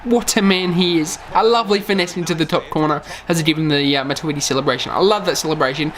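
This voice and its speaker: A man's voice: on the high side, fast talker, fairly bright tone, slight background noise. A tired young man, talking over his own game footage and calling every play to his "lads". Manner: calls each play, says "lads" often. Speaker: gaming YouTuber.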